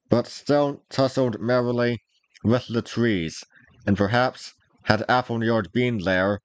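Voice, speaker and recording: Slow, deliberate male storybook narrator. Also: mid-range voice, a little mellow, no room sound, low-quality recording. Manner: measured, deliberate reading of an old novel. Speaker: reader, narrator.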